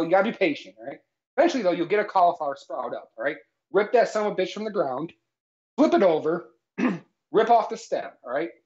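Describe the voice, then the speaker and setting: A man co-hosting a jokey live cooking stream, explaining absurd facts in a mock-authoritative tone and tagging lines with "all right?". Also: a little high. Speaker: cooking show co-host. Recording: slightly dull lo-fi stream audio.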